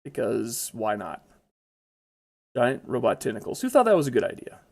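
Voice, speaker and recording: A man's voice: mid-range voice, sing-song, moderate pace, creaky, a little mellow. A man giving casual, chatty commentary over his own gameplay, blurting out exclamations when startled.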